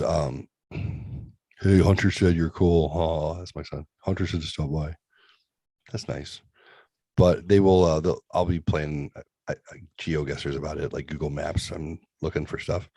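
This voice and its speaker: A man's voice: rumbling low, mellow, dry recording. A middle-aged man hosting a casual talk show, rambling and joking crudely about his kids and streaming. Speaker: podcast host. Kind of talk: casual chat.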